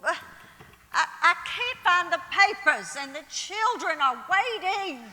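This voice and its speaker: A woman playing a proud, sharp-tongued elderly lady on stage. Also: very high-pitched, big pitch swings, measured pace, exaggerated voice. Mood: confused, distraught. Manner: tart, prim scolding turning to distraught confusion. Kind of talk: live stage play. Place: theater stage. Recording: stage play in a reverberant auditorium.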